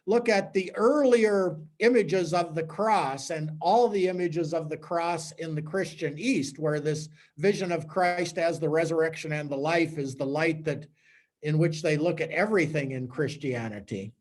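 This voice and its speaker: Priest teaching, lively and conversational. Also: male voice, on the high side, moderate pace. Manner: conversational, animated storytelling. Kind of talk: teaching talk to a small group.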